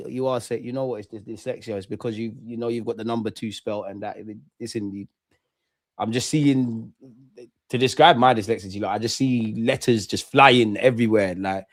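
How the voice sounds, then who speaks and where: A young man, chatting with viewers and shouting them out during a live football watch-along. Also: mid-range voice, fairly quick, dry recording, studio quality. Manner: chatty slang-heavy banter, shouting out viewers. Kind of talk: live reaction chat.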